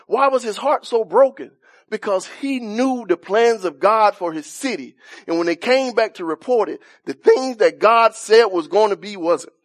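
A man preaching an impassioned sermon in informal church speech, swinging from loud shouts down to quiet, soft lines. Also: very high-pitched. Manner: impassioned, rising to shouts then dropping soft.

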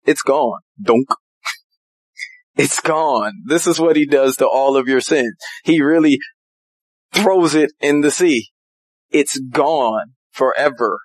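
A man preaches in a relaxed, conversational way, full of folksy stories. His voice sits in a middle register and rises when he gets animated. The sound is dry and close. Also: mid-range voice, slow pace, pauses often, no room sound, low-quality recording. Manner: animated, folksy storytelling with laughs. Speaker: pastor. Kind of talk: casual preaching.

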